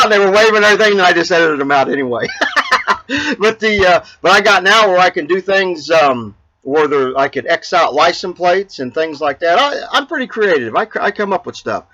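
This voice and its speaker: A man's voice: high voice, big pitch swings, fairly quick, sharp tone, low-quality recording. A man hosting his own show, rambling in a casual chat with many fillers and restarts, laughing at his own jokes. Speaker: vlog host. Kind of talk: casual chat and joke telling.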